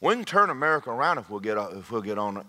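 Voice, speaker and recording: A man preaching a humorous sermon, shouting his punchlines. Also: mid-range voice, big pitch swings, fast. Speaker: pastor. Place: church sanctuary.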